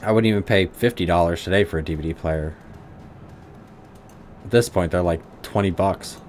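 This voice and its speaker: A man's voice: low voice, normal speed, a little mellow, slight background noise. A man giving casual, blunt commentary while streaming a role-playing game. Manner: blunt, profane asides.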